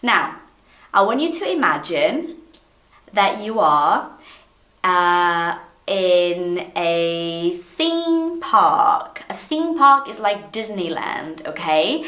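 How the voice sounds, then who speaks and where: A Portuguese-speaking woman gives an English pronunciation lesson to camera, playful and animated, slowly repeating words to demonstrate. Her voice sits lowish, and the room is echoey.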